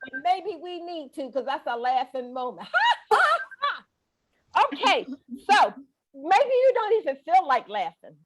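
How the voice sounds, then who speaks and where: Woman, middle-aged, high voice, playful folksy laughter coach, coaxing, video call. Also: sing-song, moderate pace, muffled recording. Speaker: laughter exercise instructor. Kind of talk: leading a guided breathing and laughter class.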